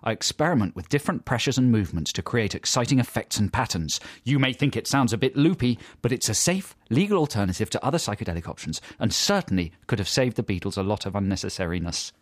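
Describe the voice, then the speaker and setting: A man's voice: fairly low pitch, lively intonation, fast talker, hardly any pauses, no room sound. A man co-hosting a podcast, wry and teasing in casual chat. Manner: wry, teasing, laughs often. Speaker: podcast co-host.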